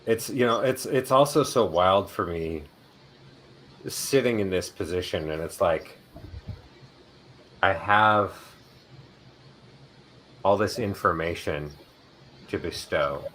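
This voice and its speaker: A man hosting a talk show and giving readings, speaking slowly and in a measured way as he makes grand claims. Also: low-pitched, a bit bright, low-quality recording. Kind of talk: casual talk. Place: city in Ireland.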